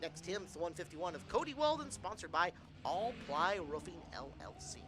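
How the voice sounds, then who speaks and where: A man's voice: high voice, a little fast, a little hiss or hum. A man commentating on a racing broadcast, hyping the next event with a joking manner. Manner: lively, joking hype. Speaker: race commentator.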